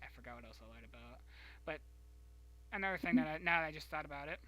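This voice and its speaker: Stream host, young man, bright and forward voice, halting and rambling delivery. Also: fairly high pitch, lively intonation, no echo, poor audio. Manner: rambling, halting storytelling with many restarts. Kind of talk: casual chat.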